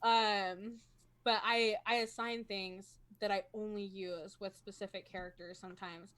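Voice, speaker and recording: A woman's voice: medium pitch, steady tone, measured pace, a bit bright. A woman talking casually as a role-playing game player on a video call, chatty and self-conscious, laughing often. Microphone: home streaming microphone.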